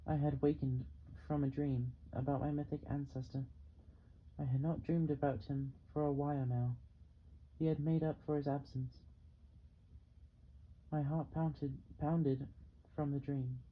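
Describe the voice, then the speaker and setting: A man narrating a novel in the first person, with a steady, measured delivery. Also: a little high, phone-quality sound, slight background noise. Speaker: audiobook reader.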